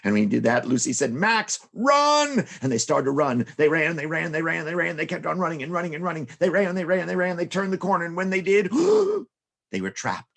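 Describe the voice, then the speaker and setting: A storyteller man spinning a silly children's tale with lively, rhythmic repetition and playful sound effects. His voice is gravelly and husky, at a middle pitch for a man. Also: fast, few pauses.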